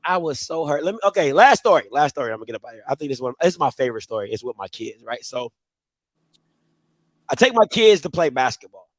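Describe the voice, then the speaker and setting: A man co-hosting a podcast, telling rambling, animated comic stories. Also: a little high, fast, no room sound. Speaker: podcast co-host. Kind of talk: comedic storytelling.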